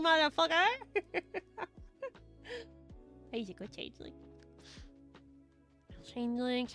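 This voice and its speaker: Bright, excitable woman streamer. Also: high-pitched, no echo. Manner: rambling, excitable, swears and giggles often. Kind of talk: casual stream chat.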